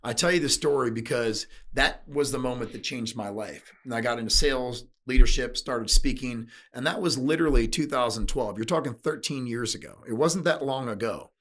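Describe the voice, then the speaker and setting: A man's voice: medium pitch, normal speed, hardly any pauses, fairly bright tone. A middle-aged man from the USA, a sales and leadership speaker, telling candid stories in an interview, blunt and emotional, swearing casually.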